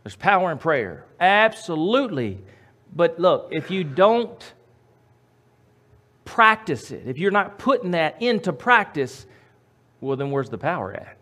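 Emphatic man preaching, higher pitch. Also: sing-song, unhurried. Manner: emphatic preaching with repeated phrases and big swings in loudness. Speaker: pastor. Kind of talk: sermon.

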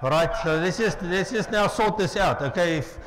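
A middle-aged man with a South African accent preaching a lively sermon in a church, joking with the congregation. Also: high-pitched, moderate pace, a little hiss or hum. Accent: South African English. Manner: playful, jokes with the congregation. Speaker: pastor.

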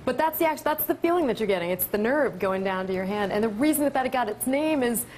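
A woman doctor on a talk show, explaining answers in a brisk, chatty way. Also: fairly high pitch, expressive, darkish tone, a little hiss or hum, low-quality recording. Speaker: doctor answering audience questions.

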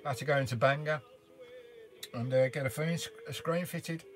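An older man hosting a casual van life live stream, rambling warmly through viewer comments with lots of "uh" fillers, recorded inside his camper van. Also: on the high side, moderate pace. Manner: chatty, rambling, frequent "uh" fillers, calls viewers mate and sugar. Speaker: vanlife live-stream host.

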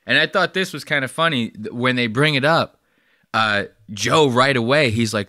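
A man's voice: mid-range voice, moderate pace, sharp tone, dry recording, studio quality. A man hosting a podcast, riffing loosely and profanely while reacting to a video. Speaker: podcast host. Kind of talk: casual reaction commentary.

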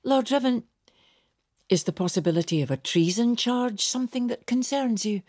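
A woman's voice: fairly high pitch, expressive, moderate pace, darkish tone, no echo, clean studio sound, voice pushed up. A woman narrator voicing a nervous, polite young nobleman who asks anxious, careful questions.

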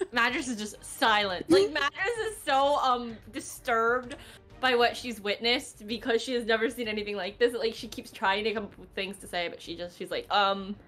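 A woman's voice: fairly high pitch, normal speed, a bit bright. A woman player in a tabletop role-playing game, chatty and cursing freely. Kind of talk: tabletop role-play chat.

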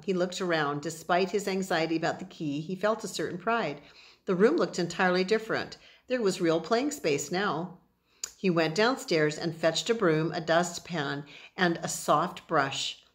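A woman's voice: lowish voice, normal speed. Woman reading a children's book aloud. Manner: chatty asides explaining words to listeners. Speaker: reader.

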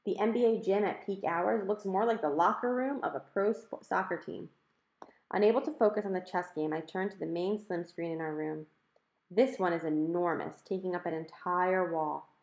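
A woman with a fairly low voice reads a novel aloud, telling the story in a clear, conversational way. The recording carries a noticeable roomy echo. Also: moderate pace, darkish tone. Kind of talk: audiobook narration.

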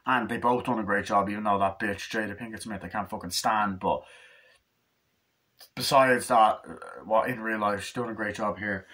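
A man's voice: lowish voice, fairly even intonation, moderate pace, sharp tone. A man casually reviewing a film, rambling and swearing freely. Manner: rambling, profane, acts out scenes in quoted voices. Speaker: movie reviewer.

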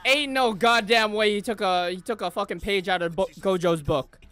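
A man reacting to an anime episode with excitable, profane slang, swinging between shouted outbursts and low mutters. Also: moderate pace, clean tone. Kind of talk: live anime reaction commentary. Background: faint anime soundtrack music.

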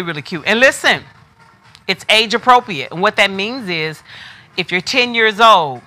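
Bright-voiced chatty woman hosting a sales stream. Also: medium pitch. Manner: chatty, talks straight to viewers. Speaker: wig shop host selling on a live stream. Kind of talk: casual live product demo.

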